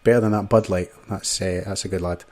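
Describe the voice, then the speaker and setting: Host dude, lowish voice, chummy, reads sponsors then chats with the guys. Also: male voice, steady tone, fairly quick, a little mellow. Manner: chummy, calls guests mate and amigo. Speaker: podcast host. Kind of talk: casual panel chat with sponsor reads.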